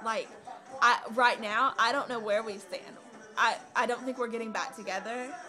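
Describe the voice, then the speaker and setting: A woman's voice: on the high side, fairly even intonation, normal speed, sharp tone. A young woman vlogging a personal story, rambling and hesitant with many fillers.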